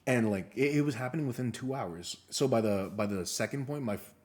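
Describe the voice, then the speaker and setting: Fast-talking young man telling stories. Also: medium pitch. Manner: animated storyteller, swears a lot, acts out quotes. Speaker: podcast co-host. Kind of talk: casual storytelling chat.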